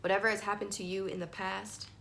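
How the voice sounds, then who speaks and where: A woman giving a casual, emphatic tarot reading, swinging between soft and loud. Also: medium pitch, flat delivery, fast, creaky, a little hiss or hum. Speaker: tarot reader. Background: faint playlist music.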